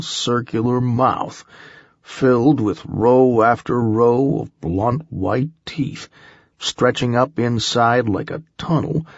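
A man narrating a first-person audiobook in a measured, unhurried storytelling manner. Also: medium pitch, creaky, husky, dry recording, dull audio.

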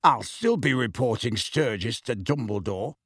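Man doing gruff, muttering Moody. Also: mid-range voice, lively intonation, normal speed, fairly bright tone, no room sound, studio quality. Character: gruff grizzled old male wizard warrior.

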